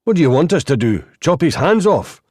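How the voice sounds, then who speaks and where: A man's voice: medium pitch, animated, normal speed, darkish tone, no echo, clean studio sound, close to an everyday voice. A man narrating an audiobook voices a blunt, boorish detective constable who talks brusquely and combatively.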